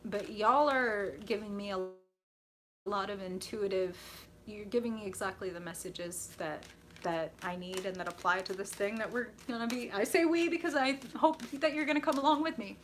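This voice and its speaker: A woman's voice: mid-range voice, moderate pace. A young woman hosting a live tarot reading stream, gushing and enthusiastic as she reacts to viewers. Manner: bubbly, gushing, reacts to chat with excited squeals.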